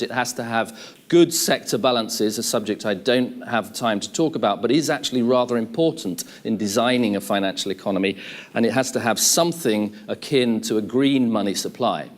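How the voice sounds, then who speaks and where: A middle-aged man giving an academic conference talk, lecturing in a measured way with lists and restatements. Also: mid-range voice. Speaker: conference speaker.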